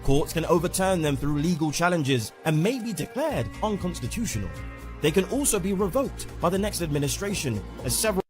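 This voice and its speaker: A man narrates a scripted explainer in a polished, even read, his pitch lifting and falling with some life. Soft music plays faintly beneath his voice. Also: a little fast.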